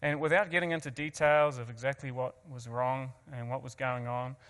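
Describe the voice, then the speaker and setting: A man's voice: mid-range voice, steady tone, normal speed, fairly bright tone, big-room sound. A man from New Zealand with a New Zealand accent, earnestly telling an audience his personal story with self-mocking asides and frequent restarts. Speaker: guest speaker.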